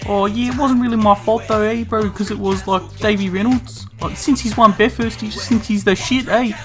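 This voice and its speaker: A cocky young racing driver with a high, nasal voice and a put-on New twang. He drawls slang and shrugs off blame, and the skit has music playing faintly underneath. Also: fairly even intonation, fairly quick, a bit bright. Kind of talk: comedy ad skit.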